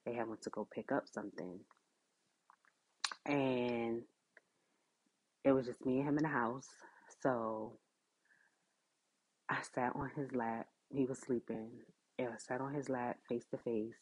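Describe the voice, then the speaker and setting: Slow, low-voiced woman telling a story. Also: fairly even intonation, darkish tone, husky, low-quality recording. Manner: conversational, many fillers like "like" and "you know". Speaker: podcast host. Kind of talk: personal storytelling.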